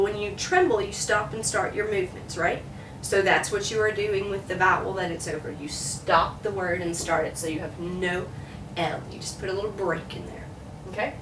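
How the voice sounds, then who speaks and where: A woman teaching a French lesson in a classroom, chatty and loose, repeating words slowly to model pronunciation. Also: mid-range voice, noisy background. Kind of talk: classroom lecture. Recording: echoey room from a distance.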